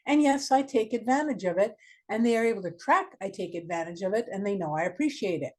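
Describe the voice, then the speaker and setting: A woman's voice: medium pitch, expressive, fast talker. A woman marketing consultant giving a webinar presentation, direct and emphatic, asking the listeners many questions. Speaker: marketing consultant, guest speaker.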